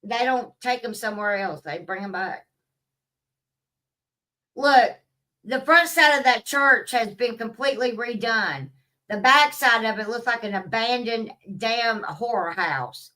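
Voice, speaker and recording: Woman vlogger, casual rant, bright and slightly high, swears freely, distant from the mic. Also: unhurried. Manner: profane, blunt, rambling.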